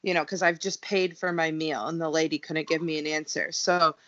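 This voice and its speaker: A woman's voice: low-pitched, fairly even intonation, brisk, fairly bright tone, no echo, muffled recording. A woman co-hosting a casual chat, ranting with indignation and sarcastic asides. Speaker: podcast co-host.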